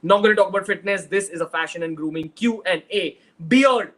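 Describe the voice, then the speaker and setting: A man's voice: high voice, brisk, a bit bright, low-quality recording. A young man from Mumbai with a Mumbai Indian English accent, hosting a casual livestream Q&A in a chatty, direct way and slipping into Hindi phrases. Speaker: host.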